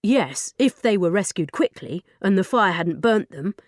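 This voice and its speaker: A level-headed teenage boy, read by a woman telling a storybook. He explains things plainly and matter-of-factly, with a lively lilt. The sound is close and dry. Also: medium pitch, unhurried, no echo, natural voice. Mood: explaining.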